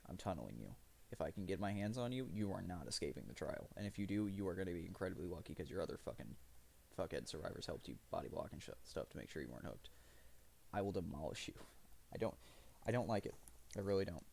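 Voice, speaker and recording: A man's voice: low voice, very animated, quick pace, gravelly, a little mellow, breathy edge. A man streaming live, rambling through profane, self-mocking commentary as he plays.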